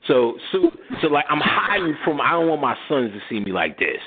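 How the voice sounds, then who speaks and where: Animated man telling a story over a tinny line. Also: a little high, brisk. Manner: animated, laughing, slangy, acts out quotes. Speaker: radio show host. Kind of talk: casual storytelling chat. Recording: tinny phone-like line with clear noise.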